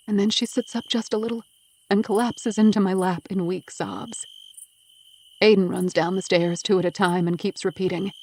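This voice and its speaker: A woman's voice: mid-range voice, fairly even intonation, normal speed, a little mellow, slight background noise. A woman narrating a first-person audiobook with an intense, emotional delivery.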